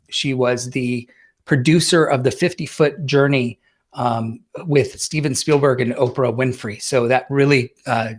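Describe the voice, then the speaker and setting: Male guest, casual storyteller, halting delivery, mid pitch. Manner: halting, many fillers and restarts.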